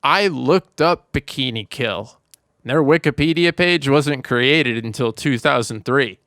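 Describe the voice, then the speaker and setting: A man co-hosting a podcast chats casually about a movie in a mid-range, fairly bright voice at a measured pace. He rambles, saying "like" a lot and restarting sentences, in a dry, studio-quality recording.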